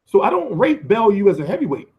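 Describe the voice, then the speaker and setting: An American man with a high voice hosts a live boxing stream and answers chat comments. He swings his pitch wildly as he rants, swearing, repeating and restarting himself. The audio sounds dull and lo-fi. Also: sing-song, fast talker. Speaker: boxing commentator and channel host.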